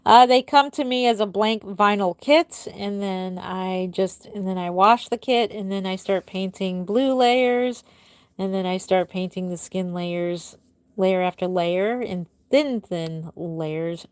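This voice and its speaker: A woman's voice: slow, clear, resonant tone, no room sound. A middle-aged woman who makes reborn dolls, chatting casually with viewers on a live stream from home and answering their comments one by one. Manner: chatty, answers viewers one by one, drifts soft and low at the ends of thoughts. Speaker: reborn doll artist hosting a live stream.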